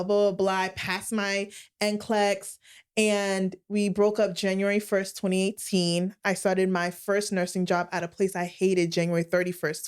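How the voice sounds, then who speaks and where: Expressive woman podcast co-host. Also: smooth. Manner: expressive storytelling with big jumps in pitch. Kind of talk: candid casual chat.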